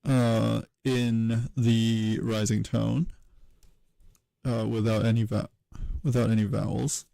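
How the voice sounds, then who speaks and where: A man giving a casual livestream tutorial, thinking aloud at his computer in a halting way, with many fillers and self-corrections. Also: on the low side, little pitch movement, gravelly, warm tone, no room sound, poor audio. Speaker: streamer teaching historical linguistics.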